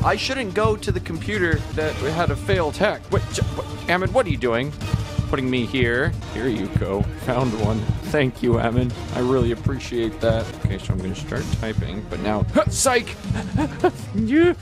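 A young man giving excited gameplay commentary, switching from hushed whispers to loud squeals. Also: mid-range voice, normal speed, music in the background. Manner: animated, jumps between whispers and loud squeals. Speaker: gaming YouTuber.

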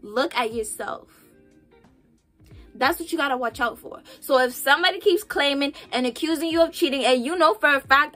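A sassy young woman with a high voice, talking straight to the camera in a casual advice vlog. She is animated and blunt, and faint music plays softly under her voice. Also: moderate pace. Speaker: vlogger.

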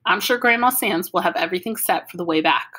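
A woman reading an audiobook, voicing a mother who calmly reads out a carefully organized plan for a family road trip. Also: fairly low pitch, fast talker. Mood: planning. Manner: orderly, matter-of-fact, explaining.

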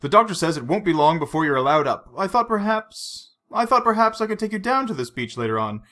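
A man reading aloud voices an earnest young woman who talks softly and pleads gently. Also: a little high, animated, fast. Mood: hopeful.

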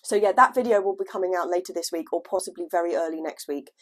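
A woman chatting casually at home on her gardening vlog, her voice lowered by a cold, laughing at herself now and then. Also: fast. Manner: chatty, self-deprecating, laughs often. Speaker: gardening vlogger. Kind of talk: casual chat. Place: at home indoors, at a desk.

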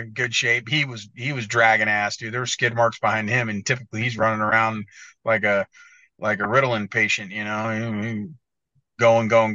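Low-ish forceful guy rambling on a podcast, cusses a lot, dull dry lo-fi audio. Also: no echo. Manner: rambling, profane storytelling. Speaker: podcast co-host, motocross editor. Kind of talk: casual podcast chat.

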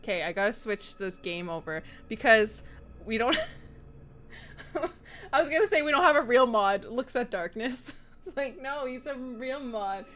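A woman's voice: on the high side, expressive, measured pace, fairly bright tone. A young woman from Canada chatting casually while livestreaming a horror game, giggling and reading chat aloud. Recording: music playing underneath.

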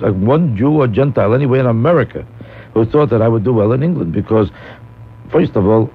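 This guest radio host has a mid-range voice with a breathy edge. He spins a rambling, comic storytelling monologue, heard through tinny, phone-like old broadcast audio.

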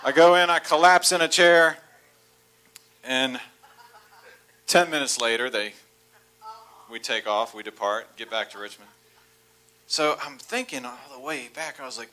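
A man in his forties preaching in a church, telling a long comic story with laughter and rising excitement. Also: medium pitch, a little slow, pauses often. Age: 40s. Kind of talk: storytelling sermon. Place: church sanctuary.

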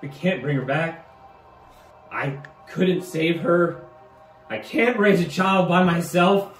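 A man's voice: on the high side, takes it slowly, dark tone, recorded from a distance, soft background music, voice pushed up. A man voicing a wounded, grieving male warrior who cries out in anguish, recorded in a roomy space slightly off the mic.

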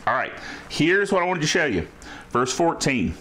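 A man preaching a sermon who reads scripture slowly and often asks the listeners "Amen?". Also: fairly high pitch, sing-song, sharp tone. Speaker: pastor.

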